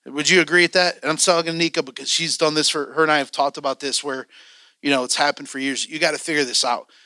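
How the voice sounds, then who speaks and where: A man's voice: on the high side, fairly even intonation, fast talker, bright, forceful tone, dry recording. Man, church class teacher, candid, joking, acts out quotes, dry close sound.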